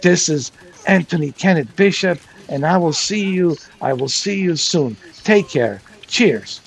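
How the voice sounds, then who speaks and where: A man putting on a rambling male vlogger who unboxes a telescope and talks slowly and quietly. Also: on the high side, lively intonation, gravelly, rough recording. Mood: slow mock. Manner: slow, drawn-out and rambling.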